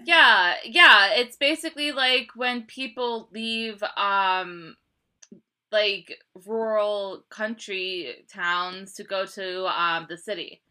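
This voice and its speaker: A woman's voice: medium pitch, slow, bright, forceful tone, clean tone. An American woman co-hosting a casual book podcast, giggly and laughing often, full of "like" fillers. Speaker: podcast co-host.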